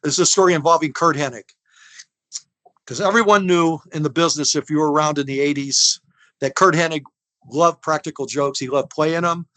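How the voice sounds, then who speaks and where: A man in his sixties , an interview guest tells rambling, folksy stories with a fairly high voice. He acts out the people in his tales as he goes. The sound is close and dry. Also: fairly quick, dry recording. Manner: animated storyteller who acts out other people's lines; folksy, rambling, with restarts and laughter. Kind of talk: casual storytelling.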